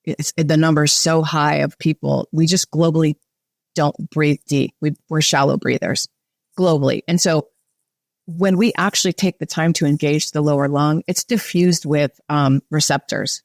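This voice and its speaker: Woman breath coach, easy calm guiding voice, dry close sound. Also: sits low, moderate pace, vocal fry, no echo. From United States. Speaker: breathwork facilitator guest. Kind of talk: guided breathing and podcast chat.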